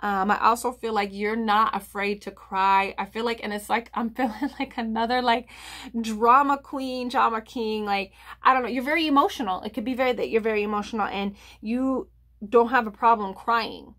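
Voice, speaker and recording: A woman's voice: fairly high pitch, normal speed, fairly bright tone. A woman giving a casual tarot reading to viewers, rambling with lots of fillers, restarts and "I feel like.". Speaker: tarot reader.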